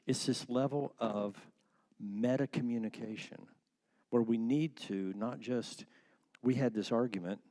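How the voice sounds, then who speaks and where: A man teaching a church class on marriage in a relaxed conversational way, explaining with everyday metaphors. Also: medium pitch.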